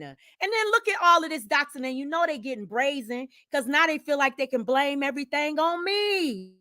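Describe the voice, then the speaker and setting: An older woman hosting a livestream, talking in an emphatic casual rant that swings from loud to hushed, with sighs. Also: high-pitched, moderate pace. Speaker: livestream host.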